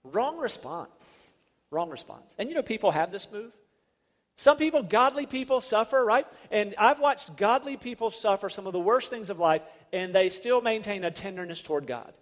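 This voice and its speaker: A man's voice: high voice, animated, normal speed. A man preaching a sermon as a pastor, emphatic and full of rhetorical questions. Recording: long reverb of a large hall.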